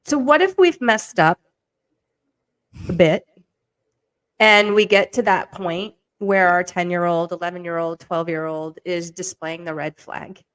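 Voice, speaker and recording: A woman's voice: fairly low pitch, unhurried. A middle-aged woman hosting a casual chat, asking tentative, hesitant questions about parenting. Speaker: podcast host.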